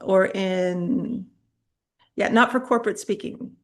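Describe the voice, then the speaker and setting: A middle-aged public speaking coach teaches an online master class in a mid-range voice at a slow pace. Chatty, direct and animated, she addresses viewers and often laughs mid-sentence while telling stories.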